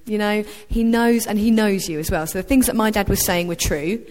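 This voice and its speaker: A woman's voice: mid-range voice, brisk, darkish tone. A woman sharing a prophetic word with her church in an informal testimony, hesitant and full of ums. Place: church hall. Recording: reverberant church hall.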